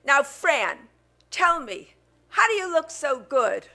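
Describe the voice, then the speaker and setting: A woman's voice: high-pitched, very animated, takes it slowly, vocal fry, pushed and bright, exaggerated voice. A woman impersonating a brash, gossipy older female talk-show host who fires off teasing insult jokes. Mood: brassy. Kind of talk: stage impression comedy.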